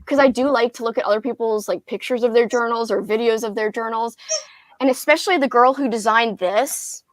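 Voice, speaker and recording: A woman's voice: fairly high pitch, brisk, dry recording. A young woman hosting a casual book livestream, chatty and giggly, reading viewer comments aloud. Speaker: booktube livestream host.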